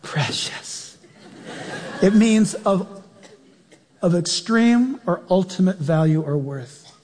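A man preaching a sermon in a church, animated, acting out quotes and questioning his congregation. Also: high-pitched, takes it slowly, big-room sound.

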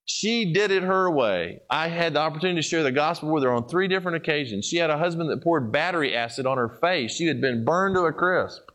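A man preaching a sermon and telling stories, rising to loud emphatic peaks and then dropping to hushed, low passages.

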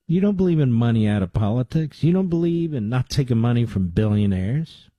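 A man's voice: mid-range voice, lively intonation, brisk, mellow, dry recording. A man hosting a political talk radio show, combative and sarcastic, with mocking asides to his producer. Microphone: studio microphone.

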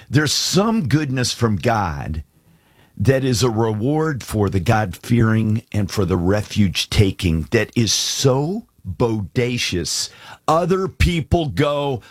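A man's voice: medium pitch, no room sound, studio quality. A middle-aged man hosting a faith radio show, telling stories with laughs and reading scripture with emphasis. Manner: animated storyteller, laughs often, does voices in quotes. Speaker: radio show host and speaker. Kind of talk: storytelling and devotional radio talk.

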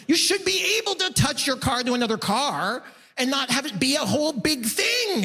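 Animated male stand-up comic, high lively voice. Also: normal speed, breathy edge, soft background music. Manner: animated, exclamatory, acts out his own reactions. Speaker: stand-up comedian. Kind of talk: stand-up comedy set. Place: comedy club stage. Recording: live room with long reverb.

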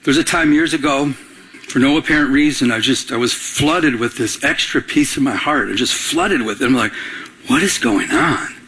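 A man's voice: medium pitch, moderate pace, breathy edge. A man pastor preaching a sermon, telling a story with acted-out dialogue and prompting the congregation to answer. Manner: animated storytelling, acting out both sides of a phone call; call-and-response prompts to the congregation.

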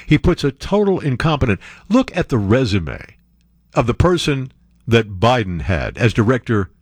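A man's voice: breathy edge, no echo. Guy reading news and riffing on it, sarcastic, voice all over the place, dry close sound. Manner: animated, sarcastic asides, jumps to high exclamations. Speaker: show host reading and commenting on news. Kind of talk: casual political commentary.

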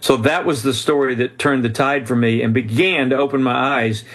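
A man's voice: medium pitch, normal speed. A man, a guest author, telling a personal story in a podcast interview, acting out the voices of the people in it. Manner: animated storyteller who voices quoted people.

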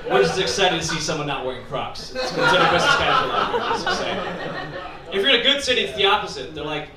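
A man's voice: a little high, big pitch swings, quick pace, over a noisy crowd. A man telling wry observational stand-up stories on a club stage. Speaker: stand-up comedian. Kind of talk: stand-up comedy set. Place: comedy club stage before a laughing crowd. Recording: roomy live recording from far off, loud noise.

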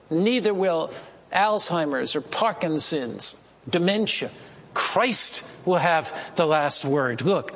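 A man preaching a Bible class sermon, emphatic, repeating phrases for stress and slowing down on key words. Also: fairly high pitch, big-room sound.

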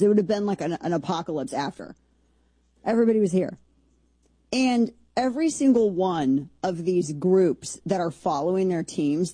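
A woman's voice: lowish voice, mellow, slightly rough, no echo. A woman hosting a show, giving casual commentary full of rambling, sarcastic asides. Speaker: show host.

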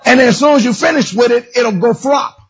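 A man preaching a sermon, animated and storytelling, shouting and half-singing his lines. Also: extremely high pitch, fairly quick, vocal fry, husky. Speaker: pastor. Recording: dull lo-fi sound.

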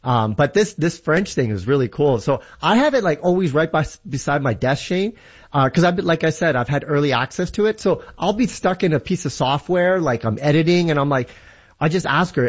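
A man's voice: fairly high pitch, animated, fairly quick, slightly rough, dull audio. A man from Canada explaining technology in casual radio chat, enthusiastic and full of examples. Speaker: tech guest.

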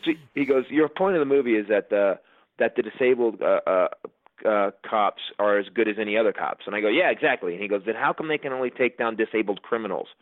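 Fast-talking man on a tinny line. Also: lowish voice, dry recording. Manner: animated storyteller, acts out quotes. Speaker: guest comedian. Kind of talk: casual interview storytelling.

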